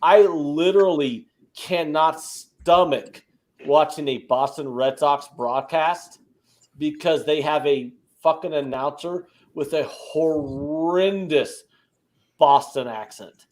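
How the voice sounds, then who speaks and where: A man's voice: a little high, slow, a little mellow. A man from the American Midwest co-hosting a casual betting podcast, ranting emphatically and swearing often. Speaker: co-host.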